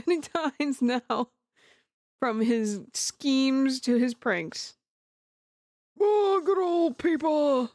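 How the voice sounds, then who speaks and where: A woman's voice: a little high, no echo, studio quality. A woman streamer chatting casually and giggling often while playing a game. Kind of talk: casual let's play commentary.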